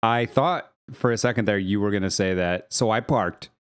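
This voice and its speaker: A man's voice: on the low side, normal speed, smooth. A man co-hosting a podcast in casual chat, teasing and joking with his friends. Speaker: podcast co-host.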